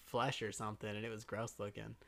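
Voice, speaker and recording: A man's voice: lowish voice, flat delivery, quick pace, creaky, fairly bright tone. A man co-hosting a casual podcast, chatting wryly and poking fun at himself as a newcomer to the show. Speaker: podcast co-host, first-time viewer. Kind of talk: casual chat.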